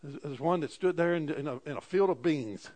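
Man preaching hard, lotta amens, kinda high voice, gets loud then drops quiet. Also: a little fast. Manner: impassioned preaching with frequent amens, swings loud and soft. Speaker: pastor. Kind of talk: sermon.

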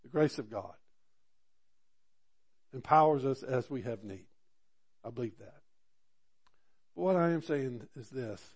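A man's voice: medium pitch, animated, measured pace, long pauses, a little mellow, slightly rough. Guy preaching, chatty storytelling that builds up to fired-up emphasis. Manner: earnest and conversational, rising to fervent emphasis. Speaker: pastor. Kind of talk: storytelling sermon.

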